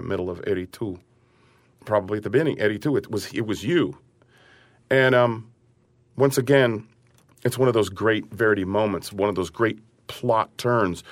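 Opera singer guy chatting in an interview, lively, slips into his character's voice, dry close sound. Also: medium pitch, no room sound. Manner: animated, acts out his character's lines. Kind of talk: interview conversation.

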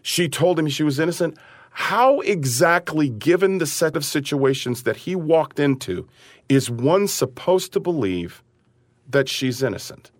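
A man who is an opera singer talking in an interview about a role he sings, animated and acting out his character's lines. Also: fairly high pitch, measured pace, no room sound, studio quality. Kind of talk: interview conversation.

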